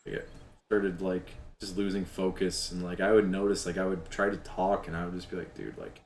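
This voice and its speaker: A man's voice: sits low, level tone, fairly quick, a little mellow, a little hiss or hum. A man chatting candidly on a live stream, rambling and leaning on lots of fillers. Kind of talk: casual live-stream chat. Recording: roomy echo, faint game music. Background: faint game music.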